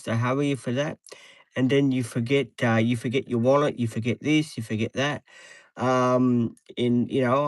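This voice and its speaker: Man, 30s, rambling casual streamer, dry close sound, middle pitch. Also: no room sound, rough recording. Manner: rambling, repetitive, frequent ums and restarts. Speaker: live streamer. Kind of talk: casual live stream chat. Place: inside a parked van, dim light.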